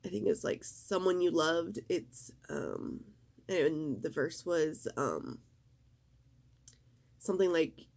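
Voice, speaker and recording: Tearful, halting woman, breathy voice. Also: low voice, big pitch swings, a little mellow. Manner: halting, emotional, fighting back tears. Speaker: vlogger. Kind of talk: casual vlog talk.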